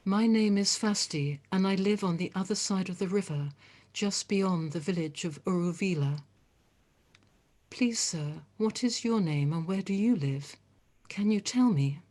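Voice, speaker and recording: A woman's voice: medium pitch, a little slow, warm tone, lightly acted. A woman voicing a shy, polite young village boy who speaks earnestly, stammering a little as he asks his questions.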